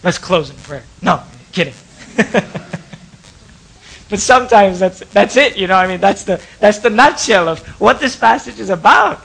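A man preaching a sermon in a church, impassioned, stretching out key words and dropping to soft asides. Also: sits high, slight background noise, poor audio. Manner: impassioned, drawn-out emphatic words, sudden drops to soft asides. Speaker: pastor.

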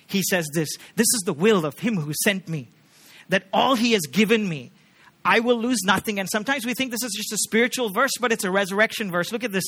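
A man preaching in a church with a high, bright, forceful voice. He keeps asking the congregation questions in an earnest tone. His delivery drops to hushed, gentle passages, then rises to loud, emphatic peaks. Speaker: pastor. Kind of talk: sermon.

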